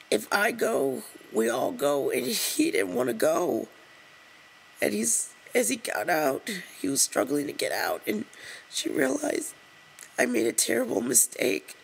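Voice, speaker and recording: A woman reading an open letter aloud to the camera while crying, halting and breaking off to apologize. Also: on the high side, gravelly, a little hiss or hum, low-quality recording. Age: adult over 20. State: crying, tearful. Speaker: vlogger.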